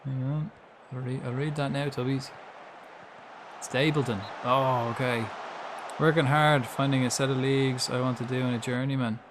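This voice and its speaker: Chatty, swearing Irish streamer. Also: male voice, medium pitch, steady tone, normal speed, background noise. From Ireland. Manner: chatty, swears freely, reacts aloud to the game. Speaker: gaming streamer. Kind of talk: casual live-stream commentary.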